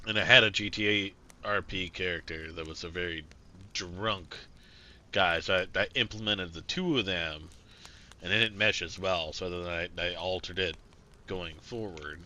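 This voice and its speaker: A man's voice: low voice, a little slow, pushed and bright. A man streaming a survival role-play game, chatting casually and rambling with plenty of swearing and fillers. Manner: rambling and profane, many fillers and restarts. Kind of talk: casual gameplay commentary.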